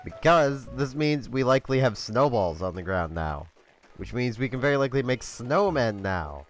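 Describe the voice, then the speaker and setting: A man's voice: medium pitch, lively intonation, normal speed, soft background music. A congested man casually commentating his video game play in a chatty, meandering way. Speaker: let's play host.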